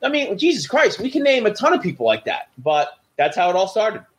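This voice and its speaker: A middle-aged man and former wrestler tells backstage stories in a casual chat, his voice sitting high and brisk. He's animated, acting out the voices of the people he quotes.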